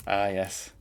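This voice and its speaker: A Northern Irish man runs a live coding tutorial stream, rambling and chuckling as he talks to viewers.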